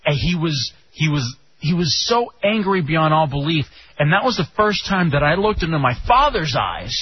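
A young man from Texas hosting a radio show, telling stories in an animated way with casual swearing. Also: fairly high pitch, normal speed, husky. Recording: dull lo-fi radio sound.

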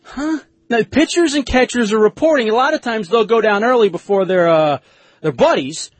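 A man's voice: high voice, animated, normal speed, dry recording. A man hosting a talk radio show, joking crudely in casual banter and sometimes laughing at his own lines.

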